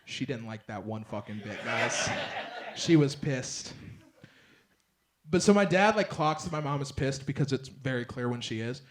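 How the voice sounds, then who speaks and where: A young man performing a stand-up set on a club stage, rambling through a story with lots of fillers and bursts of loud acted-out lines. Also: mid-range voice, lively intonation, moderate pace. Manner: rambling storyteller, filler-heavy, swings loud when acting out others. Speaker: stand-up comedian. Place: comedy club stage with laughing audience. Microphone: handheld stage mic.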